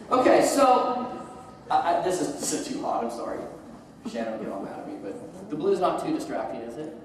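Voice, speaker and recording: A man giving a seminar talk to a live audience, energetic and joking, quizzing the room with questions. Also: a little high, unhurried, long pauses, noisy background. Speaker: seminar speaker. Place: large conference hall. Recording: echoey hall, distant mic.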